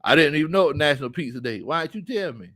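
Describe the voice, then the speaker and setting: A man hosts a relaxed sports livestream, reading out chat comments and spinning stories between bursts of laughter. His voice is bright and forceful, and his pitch rises and falls widely as he talks. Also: racing. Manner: laughs often, reads chat comments aloud, storytelling. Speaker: sports show host.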